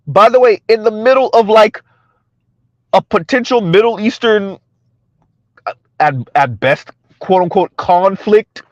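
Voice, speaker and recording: High-voiced blunt man lecturing. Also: a little slow, long pauses, no room sound. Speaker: commentary channel host. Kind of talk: casual social media commentary. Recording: dry, dull lo-fi sound.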